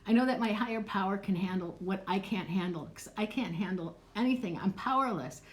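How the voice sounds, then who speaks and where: A woman's voice: medium pitch, a little fast. A middle-aged woman psychic answering questions in a live stream, chatty and candid, swearing casually and laughing often. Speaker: psychic and clarity coach.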